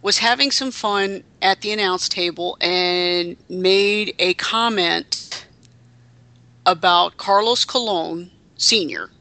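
A woman's voice: lowish voice, takes it slowly, pushed and bright, dry recording. A woman co-hosting a casual podcast chat, talking in a chatty, wry and indignant way with many restarts. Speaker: podcast co-host. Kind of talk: casual chat about pro wrestling.

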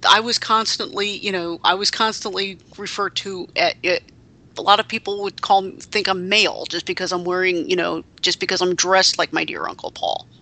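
A woman hosts a loose podcast conversation with a bright, edged tone. She is wry and indignant by turns and keeps restarting her sentences. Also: on the low side, steady tone, moderate pace. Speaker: podcast co-host. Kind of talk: casual chat about pro wrestling.

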